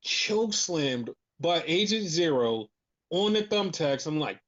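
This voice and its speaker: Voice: mid-range voice, lively intonation, unhurried, dull audio. A podcast co-host in casual chat, ranting animatedly and swearing a lot.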